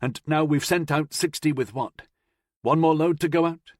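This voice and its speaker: A shrill, commanding woman, as a male narrator puts her on. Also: moderate pace, no room sound, studio quality, close to an everyday voice. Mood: challenging. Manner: shrill, high-pitched shouting. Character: woman leader, fierce and commanding.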